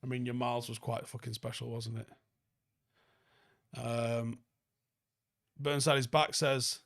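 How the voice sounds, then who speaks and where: Blunt sweary football host. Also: male voice, medium pitch, steady tone, slow pace, creaky, a bit bright. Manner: blunt, sweary, reads viewer comments aloud and answers them. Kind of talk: live stream chat review.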